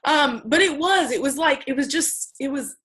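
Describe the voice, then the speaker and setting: Bright-voiced woman, touched and rambling. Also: high-pitched, animated, moderate pace, low-quality recording. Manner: emotional, rambling with many "like"s. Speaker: team leader. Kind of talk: casual chat on a group call.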